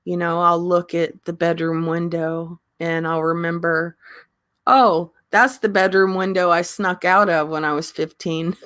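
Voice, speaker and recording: A woman hosting a casual livestream, talking slowly with many pauses and ums and often laughing. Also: fairly low pitch, steady tone, fairly bright tone, smooth, no room sound. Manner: slow, halting talk with frequent ums and laughter. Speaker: livestream host.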